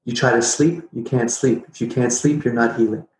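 A middle-aged man telling a personal story as a podcast guest, animated and jokey, acting out his own past reactions. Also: mid-range voice, normal speed, a little hiss or hum. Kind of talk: casual storytelling interview. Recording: roomy echo.

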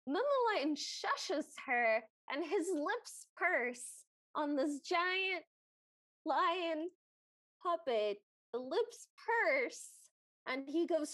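High, slow-talking woman co-host, dry close sound, easy chatty recap. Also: very animated, a bit bright, no echo. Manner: unhurried storytelling with giggles. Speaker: podcast co-host. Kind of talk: casual recap chat.

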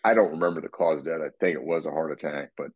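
A man with a very deep, husky voice talks in a relaxed, rambling way, often restarting his sentences as he explains things. The sound is dry and a bit dull, like a lo-fi recording. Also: rapid-fire, dry recording. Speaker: co-host, fitness expert. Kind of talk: casual podcast chat.

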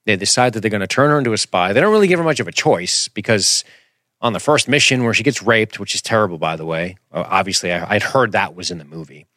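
A man hosting a podcast, reviewing a film in an animated, rambling, jokey casual chat. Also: on the low side, fast talker, dry recording, studio quality. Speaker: podcast host.

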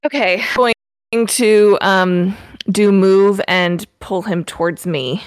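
A woman's voice: mid-range voice, slow, smooth, low-quality recording. A woman playing a tabletop role-playing game, talking casually with many fillers. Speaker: player.

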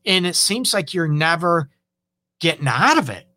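Male relationship-show host, bright and a bit high, dry close mic, conversational, acts out the lines he quotes. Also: big pitch swings, moderate pace, no echo. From Detroit area. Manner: conversational, acts out quoted dialogue, frequent "okay?" and "you know". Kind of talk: casual advice talk.

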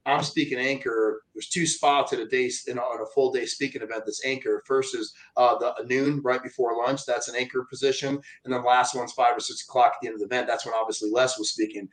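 A man's voice: mid-range voice, a little fast, few pauses, rough recording. Man telling a story animatedly. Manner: animated, acts out quoted voices. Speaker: motivational speaker. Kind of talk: casual storytelling chat.

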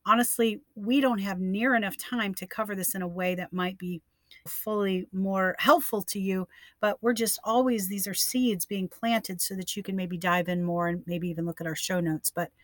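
A woman's voice: mid-range voice, fairly even intonation, normal speed, dry recording. Older lady hosting a faith podcast, emphatic and encouraging, dry close mic. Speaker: podcast co-host. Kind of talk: casual faith podcast chat.

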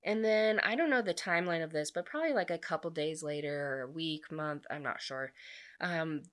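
A woman's voice: low-pitched, moderate pace, fairly bright tone. A young woman casually retelling a romance novel's plot, chatty and gushing, with frequent filler words. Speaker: book reviewer. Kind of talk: casual book recap.

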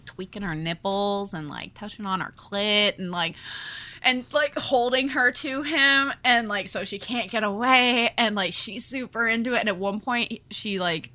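Bright, chatty woman host gushing over a book recap. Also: medium pitch, unhurried. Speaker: podcast host. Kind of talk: casual book chat.

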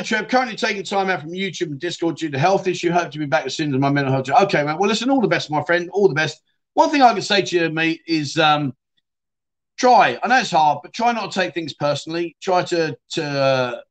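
A man's voice: on the high side, expressive, a little fast. Chatty Yorkshire man hosting a livestream. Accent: Yorkshire English. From England. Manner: chatty and matey, calls viewers mate and my friend, often trails off softly. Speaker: livestream host. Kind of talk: casual livestream chat reading viewer comments.

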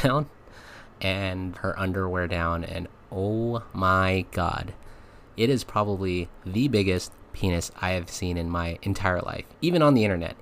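A man's voice: sits low, fairly bright tone, slight background noise. A man hosting a podcast, telling a story in a casual, rambling way with lots of fillers and frequent laughs. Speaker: podcast host.

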